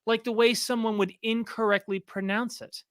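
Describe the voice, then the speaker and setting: A man co-hosting a podcast in casual conversation, with a bright, forceful voice. He talks in an animated way, slowing down to mimic words mockingly. The sound is dry and close. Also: high voice, smooth, no room sound. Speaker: podcast co-host. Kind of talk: casual chat.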